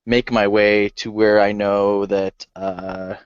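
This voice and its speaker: A man with a lower voice describes his character's moves in a halting, measured way. The sound is dry and dull, with no room in it. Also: level tone, smooth, no room sound. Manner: halting, slow-building narration. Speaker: player. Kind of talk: playing a tabletop game.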